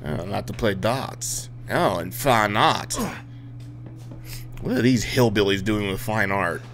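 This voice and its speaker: A man's voice: on the low side, takes it slowly, fairly bright tone. A man playing a horror video game, joking, swearing and talking back at the characters as he explores. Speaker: gamer. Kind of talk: let's play commentary.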